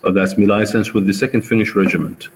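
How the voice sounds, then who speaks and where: A man with an Iraqi Arabic accent voicing a brash, sharp-tongued woman army trader, reading her lines aloud in class. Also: lowish voice, fairly even intonation, racing, natural voice. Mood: scolding. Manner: reads the quoted lines aloud in a plain lecturing voice. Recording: reverberant room, faint background noise.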